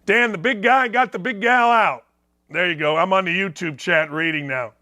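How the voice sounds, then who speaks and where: A man's voice: sits high, moderate pace, bright, forceful tone. A middle-aged man hosting a sports talk show, riffing sarcastically and reading viewer comments aloud.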